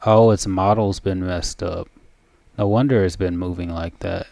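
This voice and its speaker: A man giving casual commentary as he plays a video game, thinking aloud in a relaxed way. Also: low-pitched, moderate pace, creaky, no room sound.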